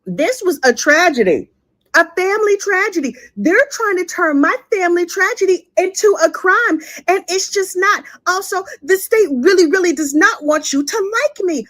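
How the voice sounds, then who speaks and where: A woman's voice: very high-pitched, lively intonation, moderate pace, fairly bright tone, dry recording, voice pushed up. A woman putting on the voice of a vain, self-pitying woman defendant, preening and whiny as she justifies herself.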